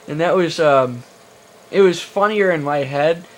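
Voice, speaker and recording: A man's voice: on the high side, moderate pace, slight background noise. A young man answering viewer questions in a casual vlog, rambling with many fillers and restarts, joking in a crude, self-mocking way, recorded on a camera he holds himself. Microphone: handheld camera mic.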